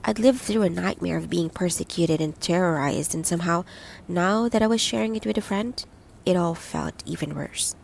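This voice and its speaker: A woman narrating a first-person audiobook in a gentle, reflective reading, lightly voicing the dialogue. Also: fairly low pitch, moderate pace, vocal fry, a little hiss or hum, rough recording.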